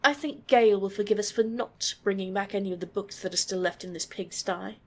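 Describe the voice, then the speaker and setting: A reader putting on a sardonic cleric woman, a touch higher than the narration. She speaks drily in a storybook reading. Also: a little fast, close to an everyday voice. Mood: dry. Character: wry female cleric adventurer.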